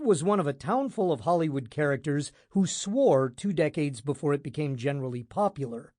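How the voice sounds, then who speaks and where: A man narrating a hard-boiled detective audiobook in the first person, wry and deadpan. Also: fairly high pitch, a little fast, hardly any pauses, no room sound, studio quality.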